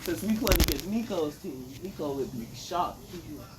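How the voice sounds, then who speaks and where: A young man in casual chat, excitedly spinning an imagined story, laughing often and acting out lines. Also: fairly high pitch, moderate pace, very noisy.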